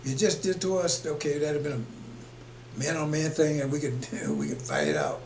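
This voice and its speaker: A man's voice: fairly high pitch, wildly swooping pitch, moderate pace, a little mellow. A man preaching on a broadcast in an emphatic, rambling way, chuckling between his points. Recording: echoey room with faint hum.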